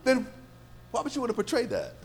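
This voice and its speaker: Pastor, male, lively swinging delivery, preaching sermon with rhetorical questions. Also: very high voice, a little fast.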